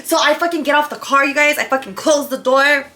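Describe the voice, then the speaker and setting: A young woman, telling a story in a casual, profane, animated way, full of "like" and "right?". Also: high-pitched, brisk. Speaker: vlogger.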